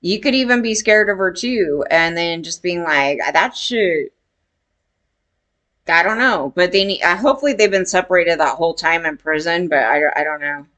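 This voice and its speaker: A woman's voice: fairly low pitch, brisk, hardly any pauses, fairly bright tone. A woman giving casual opinion commentary in a blunt, rambling way, swearing freely.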